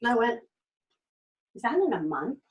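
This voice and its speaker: A middle-aged woman with a high voice tells her personal story with lively energy. She acts out the voices of the people she met and laughs often along the way. She sounds a little distant from the microphone. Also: normal speed. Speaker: direct sales consultant telling her story.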